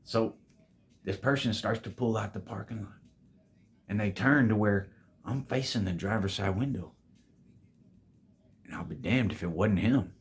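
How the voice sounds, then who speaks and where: A man's voice: fairly low pitch, measured pace, long pauses. A man casually telling a storytime tale to his viewers, laid-back and full of swearing, calling them babies. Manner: profane, laid-back, calls listeners "babies".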